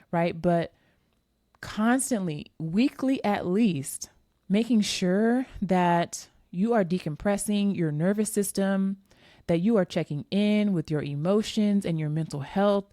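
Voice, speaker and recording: A woman's voice: on the low side, mellow, no echo, clean studio sound. A woman in her forties, a fitness coach hosting her own podcast, talking casually and candidly to her listeners as she tells a personal story. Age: 40s. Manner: chatty, candid storyteller addressing listeners directly. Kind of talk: casual solo podcast talk.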